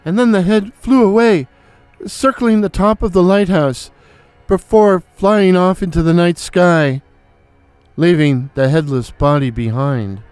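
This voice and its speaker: A man telling an original horror story in a slow, deliberate, theatrical way, as host of his own channel. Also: high voice, darkish tone, no echo. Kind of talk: dramatic horror story narration.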